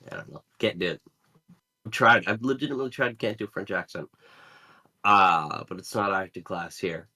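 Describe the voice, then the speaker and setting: A man's voice: low voice, sharp tone, husky. A young man hosting a tabletop game as game master, joking and cursing casually with his players. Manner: joking, profane banter.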